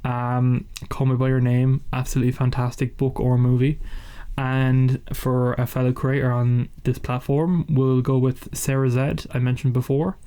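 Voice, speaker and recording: A man's voice: medium pitch, little pitch movement, moderate pace, hardly any pauses, warm tone, clean tone. A British man co-hosting a podcast, chatting casually and rambling with fillers. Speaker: podcast co-host.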